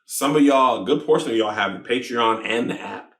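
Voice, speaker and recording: A man giving a live speech to his supporters, thanking them in an emphatic, grateful tone and listing what they did in a steady rhythm. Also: mid-range voice, fairly quick, reverberant.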